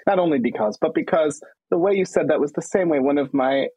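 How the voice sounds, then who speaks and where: A man's voice: a little high, lively intonation, fast, warm tone, breathy edge, no echo. A man hosting a podcast, reacting to his guest with enthusiastic, gushing remarks. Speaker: podcast host. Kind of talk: casual chat.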